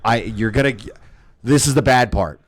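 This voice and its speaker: A man co-hosting a casual podcast, telling stories in a rambling, animated way with many restarts. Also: medium pitch, moderate pace, no echo. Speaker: podcast co-host. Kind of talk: casual chat.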